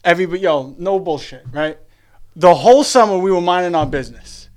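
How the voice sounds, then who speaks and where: A man chats on a podcast in a high voice. He tells stories with energy and acts out the lines of the people in them. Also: fairly quick. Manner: animated storyteller, acts out quoted voices. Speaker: podcast co-host. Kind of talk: casual chat.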